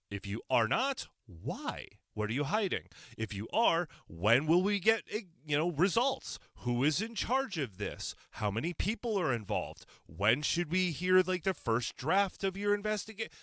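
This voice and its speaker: A man hosts his own podcast alone, speaking straight into a microphone in a dry, close sound. He is sarcastic and keeps firing off rhetorical questions. His voice is bright and forceful, and his pitch swings widely. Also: no echo. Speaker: podcast host. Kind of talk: solo opinion podcast monologue.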